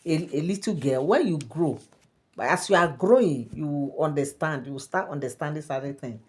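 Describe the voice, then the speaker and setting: A woman voicing a calm, motherly queen who speaks in a measured, knowing way. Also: sits low.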